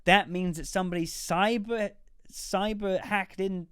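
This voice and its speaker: A man co-hosting a movie podcast, chatting casually with eager, opinionated remarks and quick interjections. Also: high voice, fairly even intonation, a bit bright, smooth, no echo, clean studio sound. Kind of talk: casual chat.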